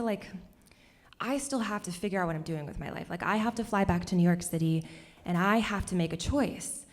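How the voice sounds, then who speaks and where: A woman's voice: on the low side, normal speed. Young woman telling a story on stage. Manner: animated, laughs often between lines. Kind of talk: live personal storytelling. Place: stage at a cultural center.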